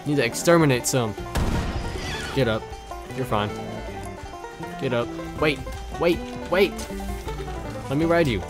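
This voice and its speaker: A young man casually commentating his gameplay, swearing and getting exasperated with loud outbursts, with game music behind him. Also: medium pitch, a little slow, pauses often. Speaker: gameplay streamer.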